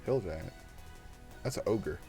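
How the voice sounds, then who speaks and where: A man's voice: sits low, expressive, takes it slowly, gravelly, dark tone, soft background music. A man hosting a casual podcast chat about a tabletop game, joking, laughing often and swearing freely. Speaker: podcast host.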